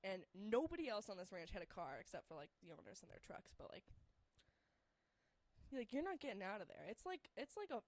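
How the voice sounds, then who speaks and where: A woman's voice: medium pitch, very animated, fairly quick, a little mellow, no echo. A young woman telling a story casually, rambling and filling her talk with "like". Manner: rambling, heavy use of "like", laughs through the story.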